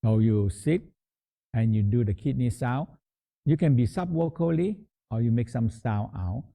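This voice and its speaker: A man guiding a meditation practice in a halting, repetitive teaching manner, often restating words as he explains. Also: medium pitch, expressive, gravelly, dark tone. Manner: halting, repeats words, slow explanatory phrasing. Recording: tinny phone-like sound.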